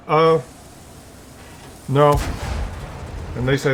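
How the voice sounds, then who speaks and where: A man's voice: medium pitch, slow pace, long pauses, slight background noise. An older man talking in a loose, rambling monologue, often restarting words and acting out little scenes. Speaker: vlogger.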